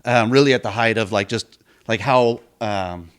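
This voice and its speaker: Male host, casual interview chat, laid-back and halting. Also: on the low side, clear, resonant tone. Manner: laid-back, hesitant, lots of fillers.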